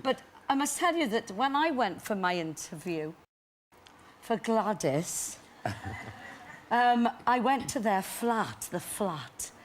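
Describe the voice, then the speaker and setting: A woman's voice: medium pitch, big pitch swings, slow, a little hiss or hum. An older woman, a guest actress on a chat show, telling stories with laughter and acting out voices. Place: TV studio.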